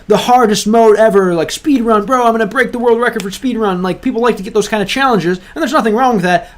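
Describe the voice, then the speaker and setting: A man giving casual commentary while playing a game, chatty and full of restarts, reading lines aloud and translating them. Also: high voice. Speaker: language-learning gaming creator.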